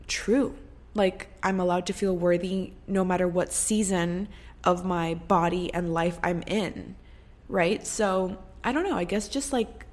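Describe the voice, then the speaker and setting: This is a young woman with a slightly low voice, talking straight to her podcast listeners in a casual, heartfelt monologue. She swears freely and leans on filler words. She slows down and repeats herself to drive her points home. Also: darkish tone. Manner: earnest, frequent swearing and "like" fillers; slows down for emphasis, repetitive. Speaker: podcast host.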